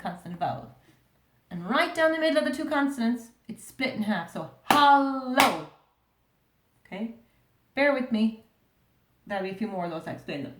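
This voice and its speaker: A woman with an Irish accent teaching a primary school reading lesson, sounding out words slowly and asking the class many questions. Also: medium pitch, roomy sound. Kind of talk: recorded remote reading lesson.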